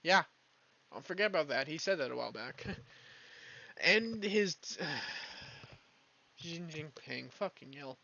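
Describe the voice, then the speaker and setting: A fairly high-pitched man rambles through a profane, casual rant while he streams a game, and he often trails off mid-thought. His voice comes through a dull, lo-fi mic. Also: animated, slow pace, creaky, long pauses, pushed and bright.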